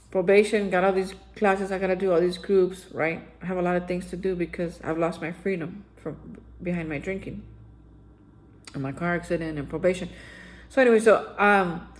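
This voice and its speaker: A woman's voice: on the low side, fairly even intonation, normal speed, pauses often, rough recording. A woman hosting daily recovery reflections, telling her own story in a candid, conversational way and speaking straight to her listeners.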